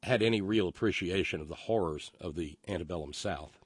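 A man's voice: sits low, fairly quick, breathy edge, dry recording. A man hosting a casual monologue, opinionated and rambling, with stammering restarts as he reacts to chat messages. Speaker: live stream host reading chat.

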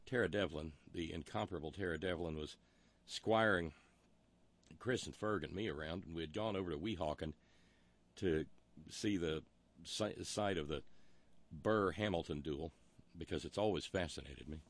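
A man's voice: low-pitched, moderate pace, pauses often, no echo. A man hosting a talk show, delivering a wry, rambling monologue full of historical asides. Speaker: radio talk show host.

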